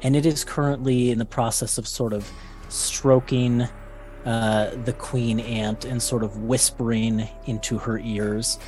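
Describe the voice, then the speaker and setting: A man narrating a tabletop role-play as game master, halting and full of fillers. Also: medium pitch, steady tone, darkish tone, faint music behind. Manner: unhurried, halting, many fillers.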